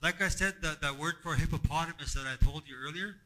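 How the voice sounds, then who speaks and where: A man teaching a language workshop to a group, halting and repeating himself as he explains and asks the room questions. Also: on the high side, bright, forceful tone, poor audio. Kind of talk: classroom teaching. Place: classroom.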